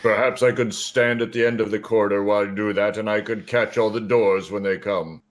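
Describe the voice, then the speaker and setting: A man's voice: fairly low pitch, steady tone, brisk, natural voice. A man voicing a wary, blunt male dwarf paladin in a tabletop game. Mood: earnest.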